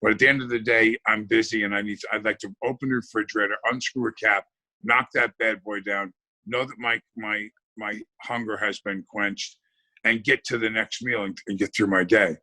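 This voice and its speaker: A man's voice: fairly low pitch, fairly even intonation, moderate pace, pushed and bright, poor audio. A man chatting casually on a podcast in an easygoing, joking way. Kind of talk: casual chat.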